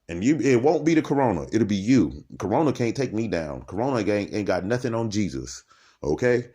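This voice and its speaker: A man vlogging alone in a dark room by candlelight, rambling from topic to topic and laughing as he talks. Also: lowish voice. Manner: animated, laughing, jumps between topics. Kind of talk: rambling stream-of-consciousness monologue.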